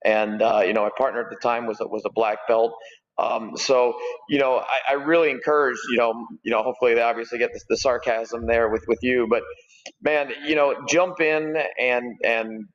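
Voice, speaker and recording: A man in his forties tells his story as a podcast guest, rambling along with plenty of fillers and restarts. His voice sits at a middling pitch. The sound is dull and rings with a long reverb. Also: fairly even intonation, normal speed. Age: 40s. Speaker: gym owner and guest. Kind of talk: casual podcast conversation.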